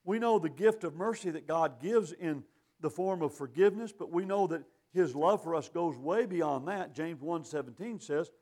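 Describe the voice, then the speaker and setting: Man, preacher, sermon, high voice, folksy, emphatic, scripture quotes. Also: normal speed, warm tone.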